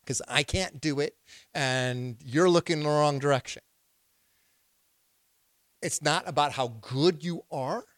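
A male pastor preaching a sermon, asking the congregation questions and building to loud, emphatic bursts. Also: fairly high pitch, measured pace, long pauses, dry recording.

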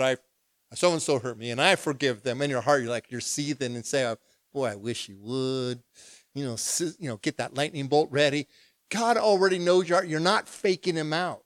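A man pastor preaching a discipleship lesson in a lively, humorous, conversational way, acting out prayers. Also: a little high, dry recording, studio quality. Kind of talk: sermon.

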